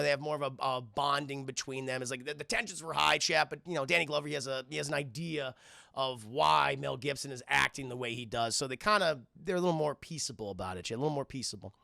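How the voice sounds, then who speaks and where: A man's voice: a little high, gravelly, sharp tone, no room sound, clean studio sound. A man streaming live, recapping a film scene by scene in a rambling, profane way and talking to his chat. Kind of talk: casual livestream film recap.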